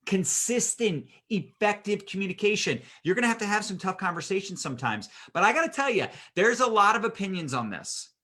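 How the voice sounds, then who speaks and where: A man coaching on leadership in a loose, talkative way, now and then acting out the people he quotes. His voice sits a bit high, swoops up and down a great deal, and has a bright, forceful edge. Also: a little fast, few pauses. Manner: casual, animated, acts out voices of people he quotes. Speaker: business coach leading a training session. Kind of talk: motivational leadership talk.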